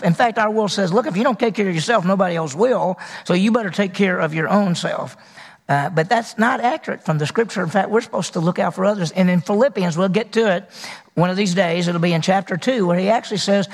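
High-voiced gravelly preacher in a hall. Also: male voice. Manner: conversational preaching, asks the congregation questions. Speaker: pastor. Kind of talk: sermon.

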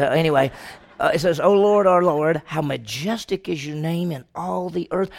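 A man's voice: on the high side, vocal fry. A man teaching a Sunday school Bible class, emphatic and prone to restarts, often putting rhetorical questions to the class. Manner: frequent restarts and repeated words.

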